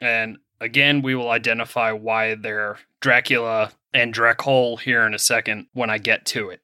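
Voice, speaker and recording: A young man from Pennsylvania co-hosts a podcast, casually reading through a history story from his notes and joking in a self-deprecating way about his pronunciation. His medium-pitched voice is sharp and smooth, recorded at studio quality with no room sound.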